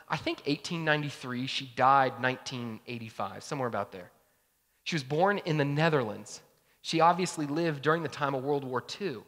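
A man's voice: fairly high pitch, a bit bright. Man preaching casually in a reverberant hall. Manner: casual, conversational preaching with many fillers. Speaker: pastor. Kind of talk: sermon.

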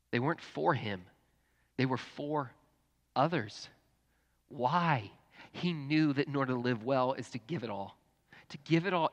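A pastor preaching a sermon, earnest, dropping to a hush and then rising to fervent emphasis. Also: male voice, mid-range voice. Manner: earnest, swings from hushed to fervent. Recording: long reverb in a church hall.

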